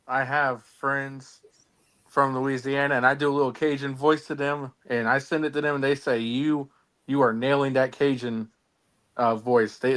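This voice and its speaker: Soft-spoken hesitant man. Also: mid-range voice. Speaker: podcast co-host. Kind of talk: casual chat.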